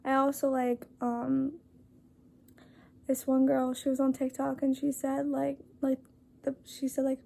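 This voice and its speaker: Earnest young woman, high gravelly voice. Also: monotone, dark tone. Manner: apologetic, halting, many fillers and restarts; reads a list aloud. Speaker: vlogger. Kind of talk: earnest casual talk to camera.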